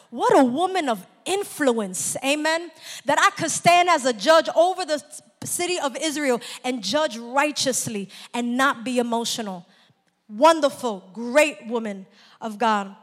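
A woman preaches a sermon with a high voice that carries through a large hall, and the room answers her with a long reverb. She calls out for amens and climbs into loud, shouted exhortation. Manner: call-and-response, rising to shouts.

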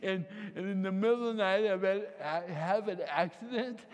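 A man's voice: high voice, normal speed. A man telling an emotional personal story, with dramatic retellings and acted-out quotes. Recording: long hall reverb.

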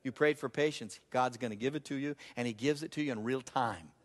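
Male pastor preaching, gets loud and high when he pushes a point, big echoey church hall. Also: a little fast. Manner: animated preacher, voice climbing high for emphasis, laughs at himself. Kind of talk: sermon. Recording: long reverb of a large hall.

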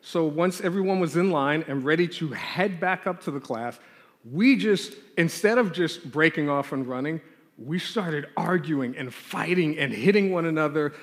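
Animated man preaching in a reverberant hall. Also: a little high, normal speed. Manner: animated storyteller acting out his childhood scenes. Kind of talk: storytelling sermon with prayer.

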